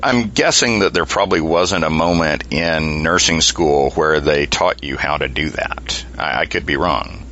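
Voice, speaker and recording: A man's voice: very deep voice, unhurried, few pauses, sharp tone, lo-fi sound. A man hosting an interview, responding in an affirming, reflective way. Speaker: podcast host. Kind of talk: interview chat.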